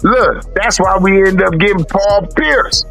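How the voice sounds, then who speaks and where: A man co-hosting a podcast in casual sports chat, loud and animated, telling stories with shouted impressions and profanity. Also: high voice, measured pace, gravelly, faint music behind. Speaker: podcast co-host.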